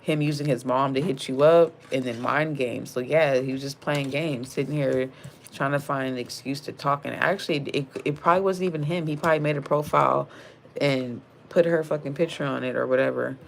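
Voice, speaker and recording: A woman's voice: a bass voice, steady tone, fairly quick, creaky, a little hiss or hum. A young woman giving a casual tarot reading, blunt and slangy with lots of profanity, calling the viewer sis. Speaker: tarot card reader.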